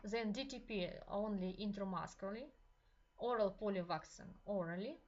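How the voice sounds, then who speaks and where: A woman with a Russian accent teaches a university class in a mid-range voice. She talks slowly and haltingly, with many fillers, and often repeats a phrase before she goes on. The sound is muffled and lo-fi, like a lecture streamed from a classroom. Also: medium pitch, a little mellow.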